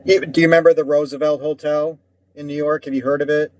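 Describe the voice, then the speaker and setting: This podcast co-host has a fairly high voice with little pitch movement, talks fast, and sounds a little mellow. During a casual talk-show conversation he rants at length in a heated, rambling way, swearing often. The recording has no echo and a dull, dry, lo-fi sound.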